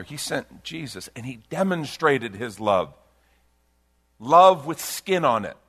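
A middle-aged pastor preaching a sermon to a congregation, delivered with big swings between loud emphasis and quiet intensity. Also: male voice. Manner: dynamic preaching with big swings in pitch and loudness.

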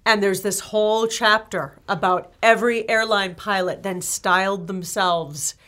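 A woman co-hosting a podcast, chatty and quick to laugh. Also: mid-range voice, steady tone, a bit bright. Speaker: co-host. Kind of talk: casual podcast chat.

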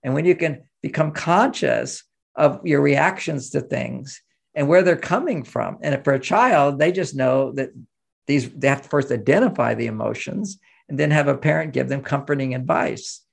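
Man from the US, gravelly tone, middle pitch, animated interview talk. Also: normal speed. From United States. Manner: animated, acts out quoted voices, chuckles. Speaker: relationship author and interview guest. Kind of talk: conversational interview explanation.

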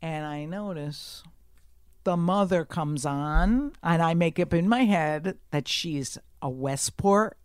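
A woman telling a story in casual chat, brash and profane, swinging from hushed asides to shouting. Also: sits low, slow, clear, resonant tone, no echo, clean studio sound.

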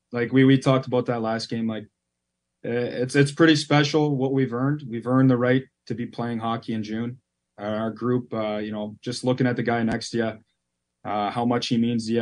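A man's voice: mid-range voice, a little mellow. A man who is an assistant hockey coach, chatting casually as a radio guest, rambling with fillers.

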